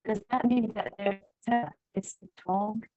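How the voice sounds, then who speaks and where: A woman's voice: mid-range voice, steady tone, takes it slowly, no echo, muffled recording, soft background music. A woman student in an online class, asking questions that compare sounds to another language.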